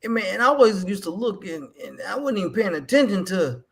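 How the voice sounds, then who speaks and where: A man co-hosts a relaxed wrestling talk stream. His voice sits a bit high and swings around a lot in pitch. He drawls, repeats his words, and laughs easily. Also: fast, gravelly. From Southern United States. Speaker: podcast co-host. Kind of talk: casual chat. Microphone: live stream.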